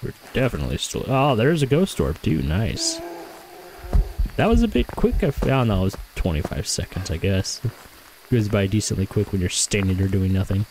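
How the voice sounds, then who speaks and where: A man with a lowish voice talks casually through his gameplay, thinking out loud and correcting himself as he goes. Now and then he speaks straight to the ghost he is hunting. A faint hiss sits under the recording. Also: big pitch swings, normal speed, low-quality recording. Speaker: gaming streamer.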